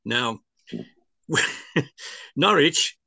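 A man on a football podcast chats in a measured, agreeable way and reads out results. His voice is bright and forward. The sound is dry and close, with no room echo. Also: fairly high pitch, animated, breathy edge. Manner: measured, agreeable, stat-quoting. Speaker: podcast panelist. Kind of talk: casual football chat.

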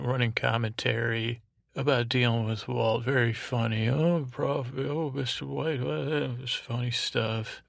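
A man's voice: medium pitch, vocal fry, a bit bright, no room sound, studio quality. A man hosting a sleep podcast, recapping an episode in a meandering, digressive way with many fillers and restarts. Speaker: podcast host.

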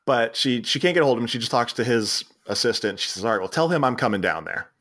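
Quick and lively in his intonation, with a medium, somewhat bright voice, a Philly-accented co-host recaps a movie on an informal podcast. He wanders through the story, laughing and starting over again and again.

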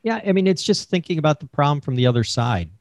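A man's voice: fairly high pitch, lively intonation, quick pace, a little mellow, no room sound, clean studio sound. A man being interviewed about selling, talking in a chatty coaching way with many fillers over a remote call mic. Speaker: sales expert guest.

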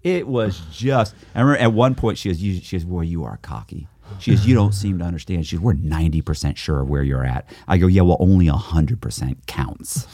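A man's voice: low voice, a little fast, few pauses, dark tone, no echo. A middle-aged man, the guest, telling a story in a podcast interview and acting out both sides of the dialogue. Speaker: guest, author.

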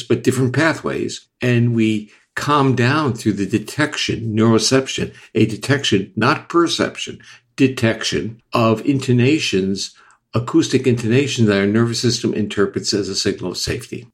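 An older man with a lowish voice explains science on an interview show. His delivery is measured and lecturing. He often backs up and restarts a phrase to correct himself. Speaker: neuroscientist guest.

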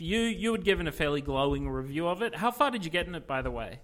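A man co-hosting a casual podcast, telling rambling, animated stories with plenty of fillers. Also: fairly high pitch, fast. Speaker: podcast co-host. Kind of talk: casual chat about video games.

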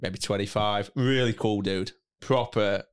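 Bloke co-hosting a footie podcast, laughing storyteller, swears loads. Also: male voice, on the low side, fairly even intonation, a little slow, clear, resonant tone. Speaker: podcast co-host. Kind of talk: casual football chat.

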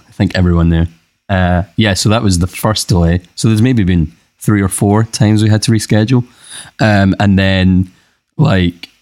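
Young male musician guest, very low voice, rambling with ums, dry close sound. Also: darkish tone, no room sound. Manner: rambling, hesitant, with many fillers. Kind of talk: casual chat.

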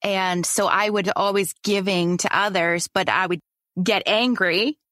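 A woman's voice: medium pitch, fairly even intonation, unhurried, a bit bright, no echo, studio quality. A woman who is a coaching client, speaking openly and self-reflectively, often laughing. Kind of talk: casual chat.

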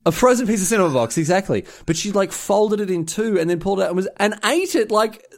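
An Australian man co-hosting a podcast in casual chat, animated and quick to exclaim. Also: sits high. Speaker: podcast co-host.

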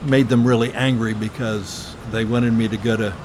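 An older man recalls his past slowly and earnestly, pausing often and filling gaps with small hesitations. His voice sits at an ordinary middle pitch. A faint hiss of noise sits behind it. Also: fairly even intonation. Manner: earnest, reflective storytelling with frequent pauses and fillers. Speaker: interviewee. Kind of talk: oral history interview.

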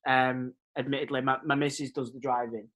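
A man's voice: medium pitch, little pitch movement, fairly quick, a bit bright. A man chatting casually, hesitant and full of restarts. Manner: hesitant, lots of ums and restarts. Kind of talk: casual chat.

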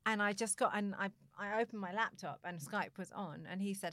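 A woman's voice: medium pitch, steady tone, fairly quick, hardly any pauses, a bit bright, no echo, studio quality. A young adult woman hosting a conversation, earnestly telling a personal story and laughing often. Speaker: podcast host.

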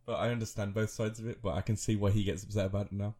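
A man's voice: lowish voice, little pitch movement, very fast, mellow. A man in his thirties co-hosting a podcast, rambling through a story with frequent laughs and self-mocking asides. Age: 30s. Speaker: podcast co-host. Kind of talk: casual chat.

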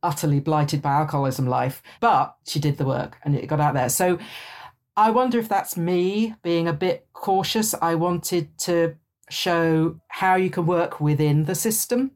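A woman, speaking as a guest in a thoughtful, measured podcast conversation. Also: lowish voice. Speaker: author and guest.

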